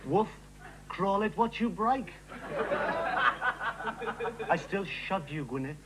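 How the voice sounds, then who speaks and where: A man's voice: high voice, lively intonation, slow, heavy background noise. A man playing a courting man who earnestly mangles his words, in a comedy sketch.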